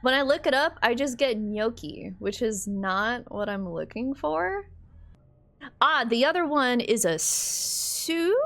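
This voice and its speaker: A woman's voice: a little high, animated, slow, a bit bright. A woman streaming a game, reacting with laughter and swearing as she talks to chat. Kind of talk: casual game commentary.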